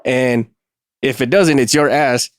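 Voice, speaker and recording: Podcast guy chiming in, mid pitch, dry close mic, lots of "right"s. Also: clear, resonant tone, no echo. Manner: agreeable, chimes in with quick "right"s, then reflects at length. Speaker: podcast co-host. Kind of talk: casual conversation.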